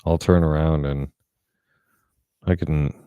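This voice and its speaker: A man's voice: a bass voice, fairly even intonation, slow pace, smooth, no room sound, narrow, tinny audio. A middle-aged man talking bluntly and profanely in a casual monologue. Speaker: vlogger.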